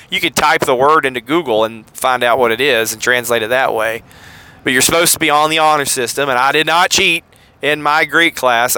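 A Southern-accented man, middle-aged, talks through a topic in a loose, meandering podcast monologue. His voice is bright and smooth, and he often stops to correct himself or reach for a word. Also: medium pitch, low-quality recording. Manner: rambling, self-correcting, with many fillers. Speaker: podcast host. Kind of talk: casual teaching monologue.

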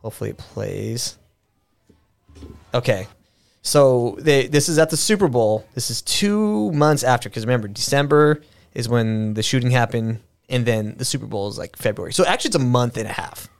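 A man's voice: medium pitch, expressive, normal speed, vocal fry. Casual rambling male podcast host. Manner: rambling, many restarts and fillers, profane. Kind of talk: casual conversational commentary.

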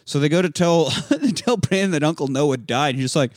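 A man casually recapping a movie with a co-host, profane and animated, acting out characters in sudden shouted voices. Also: on the high side, a little fast, no echo, clean studio sound. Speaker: podcast co-host.

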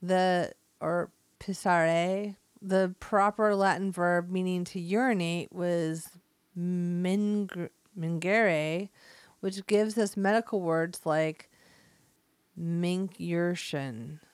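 A woman's voice: fairly low pitch, steady tone, takes it slowly, clean tone, no echo. A woman in her thirties co-hosting a casual chat, reading facts aloud with playful asides. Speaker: podcast co-host.

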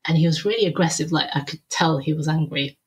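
A woman, a podcast guest telling a personal story in conversation. She retells it lively, acting out what people said and often filling pauses with "um". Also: low-pitched. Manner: lively retelling, acting out quoted dialogue, frequent "um" and "I was like".

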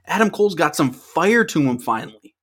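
A young man co-hosts a laid-back podcast and chats about the latest matches. He is loose and profane and builds excitement as he goes. He often keeps talking right over his co-host. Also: on the high side, fairly quick, husky. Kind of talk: casual wrestling podcast chat.

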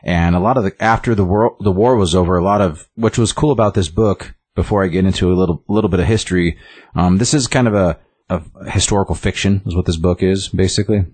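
A deep-voiced man talking casually about a comic book, rambling and filling his talk with likes and ums. The sound is dry and close, like a small room. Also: fast, a little mellow, breathy edge, no room sound. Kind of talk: casual chat.

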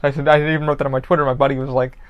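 A man's voice: medium pitch, level tone, rapid-fire, lo-fi sound. A man, a podcast host from the Orlando, Florida area, rambling casually and profanely about a frustrating order, with lots of fillers.

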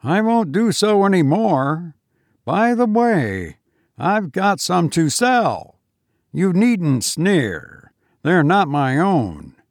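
A man's voice: high-pitched, sing-song, extremely slow, dry recording, studio quality, voice pushed up, full character voice. A man voicing a broke young schemer with a light, mocking manner.

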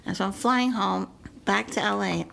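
Gravelly-voiced older woman telling stories. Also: medium pitch, normal speed, slight background noise, low-quality recording. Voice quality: lively, playful, slips in and out of voices. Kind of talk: casual storytelling.

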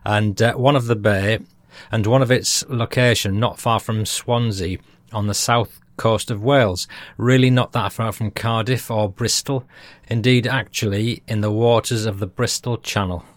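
A man's voice: lowish voice, steady tone, normal speed, no room sound. Brief: British male podcast host, chatty and self-amused, close dry mic. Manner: chatty, chuckles at his own jokes. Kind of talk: reading listener feedback.

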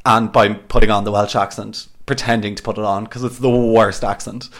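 A man's voice: lowish voice, little pitch movement, moderate pace, a bit bright. A man hosting a podcast in a casual, gossipy chat, peppered with "like" and the odd swear. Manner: chatty, heavy use of "like", swears freely. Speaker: podcast host.

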